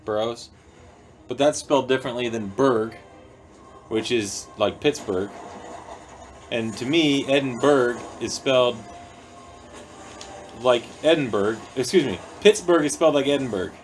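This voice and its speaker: A man's voice: medium pitch, measured pace, long pauses. A man hosting a casual livestream, reading chat aloud and rambling playfully, with a little music in the background. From United States. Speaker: livestream host. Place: indoor studio room.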